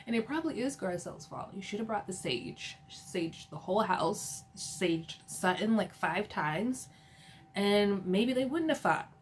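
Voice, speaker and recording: A woman recapping a reality show for her channel in a loose, chatty way. She laughs often and leans on filler words as she runs through what happened. Her voice sits at a middle pitch for a woman. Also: animated, a little slow, slight background noise. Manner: chatty, giggly, filler-heavy. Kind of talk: casual episode recap.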